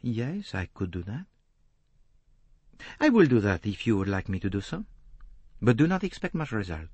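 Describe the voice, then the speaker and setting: A man reading an audiobook voices a fastidious middle-aged Belgian detective, precise and courteously relentless. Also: on the low side, sing-song, darkish tone, breathy edge, no echo. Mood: gentle.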